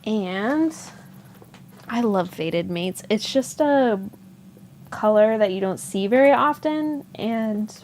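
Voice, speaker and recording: A woman's voice: medium pitch, expressive, slow, darkish tone, slight background noise. A woman hosting a yarn shop livestream, chatting casually, thinking aloud and answering viewer comments as she goes. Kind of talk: casual live-stream chat.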